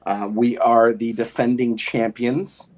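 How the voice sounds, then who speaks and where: A man's voice: medium pitch, flat delivery, slow pace, noisy background. A man in a casual podcast chat, talking hesitantly with many ums and restarts as a fantasy league player.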